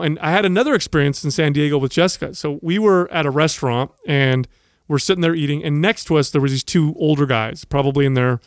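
A man with a fairly high voice tells a story on a podcast. He talks casually, animated, and acts out the people in his story. The sound is close and dry. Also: clean tone, no echo. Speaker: podcast co-host.

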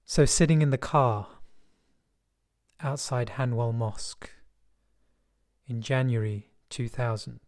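A middle-aged man from West London with a West London accent, telling a personal story in a measured, reflective and wry way. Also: mid-range voice, darkish tone. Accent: West London English.

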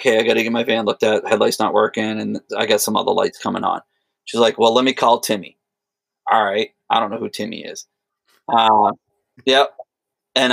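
A man's voice: on the low side, creaky, a bit bright, no echo. A man casually telling a rambling, profane story in conversation. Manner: rambling anecdotes with profanity and quoted voices. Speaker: podcast co-host.

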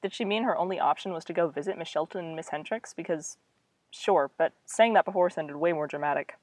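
Young woman, reading own story aloud, wry self-mocking asides, lowish voice, dry. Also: brisk, a little mellow, no room sound. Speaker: author reading her old story. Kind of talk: reading aloud with casual commentary.

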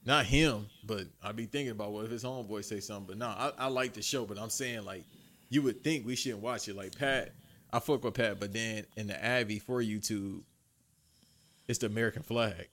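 A man's voice: fairly low pitch, brisk, fairly bright tone. A man co-hosting a casual chat, joking around in slangy banter.

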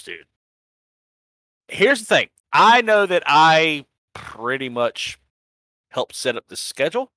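A man rambles through a racing season recap, cursing casually and laughing at himself. His voice is bright and forceful, at an everyday pitch, and the recording sounds dry and close. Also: dry recording. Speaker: sim racing league organizer and podcast host. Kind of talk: casual profane recap chat.

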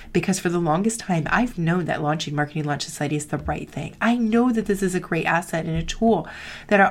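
A middle-aged woman who coaches marketing students, speaking candidly in a heartfelt motivational talk, with a lot of "like" in her speech. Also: fairly low pitch. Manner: candid, confessional, frequent "like", acts out quoted voices.

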